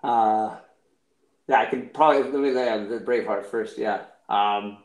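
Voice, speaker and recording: A man's voice: on the low side, moderate pace. A man co-hosting a live comic auction, chatting in a joking, rambling, self-deprecating way. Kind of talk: casual live-stream chat. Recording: roomy echo.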